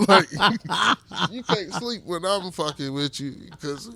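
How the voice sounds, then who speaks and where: A middle-aged man on a podcast, telling stories in loud, lively bursts and swearing freely. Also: high voice, measured pace, a crowd in the background. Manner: animated storyteller, swears freely, acts out his own lines loudly. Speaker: podcast co-host. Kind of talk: casual chat.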